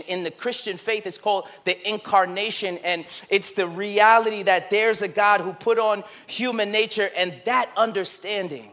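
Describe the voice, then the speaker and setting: A male pastor preaching a sermon, moving between loud emphatic bursts and hushed, slow, intimate passages. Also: high-pitched. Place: church sanctuary.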